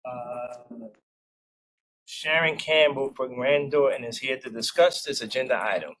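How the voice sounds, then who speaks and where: A man chairing a formal board meeting, reading out agenda items and pausing on "uh". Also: mid-range voice, fairly bright tone, poor audio. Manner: reads agenda items, halting with "uh".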